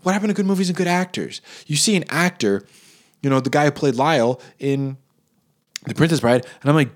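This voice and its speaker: Rambling man ranting, pitch jumping up high. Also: expressive, brisk. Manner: rambling, exaggerated, pitch jumps up high for emphasis. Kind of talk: comic rant to camera.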